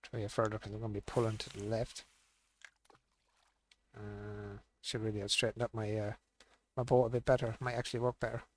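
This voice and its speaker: A man's voice: fairly low pitch, level tone, fairly quick, long pauses, a little mellow. A man streaming a fishing game, thinking aloud and muttering to himself as he plays. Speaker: gaming streamer. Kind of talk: casual live-stream commentary.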